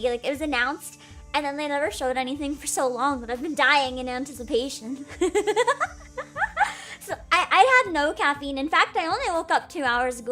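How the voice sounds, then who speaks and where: Woman, VTuber streamer, casual live chat, hyper, giggly, swears, very lively high voice. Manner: greets chat viewers by name.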